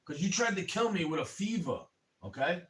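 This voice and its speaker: A man with a somewhat high voice rants through a rambling, profane livestream monologue and keeps calling his listener bro. His anger rises into loud bursts. He sits a bit back from the microphone, so the sound sits at a small distance. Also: very animated, normal speed. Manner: angry, rising to shouting in bursts. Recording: voice a bit far from the mic.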